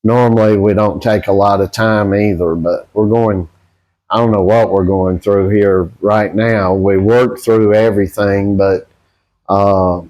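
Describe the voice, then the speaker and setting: Slow, flat-voiced male boxing coach. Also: fairly low pitch. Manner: halting, with fillers and restarts. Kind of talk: casual talk during a training session.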